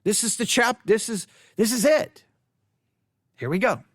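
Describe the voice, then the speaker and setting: Emphatic high-voiced man teaching Bible study. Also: lively intonation, measured pace, long pauses, a bit bright, dry recording, clean studio sound. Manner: emphatic, repeats and restarts phrases.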